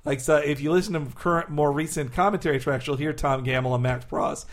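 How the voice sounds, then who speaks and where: A man's voice: a little high, brisk. A man co-hosting a podcast discussing a TV episode, enthusiastic, often laughing and quoting lines. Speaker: podcast co-host. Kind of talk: episode commentary podcast chat.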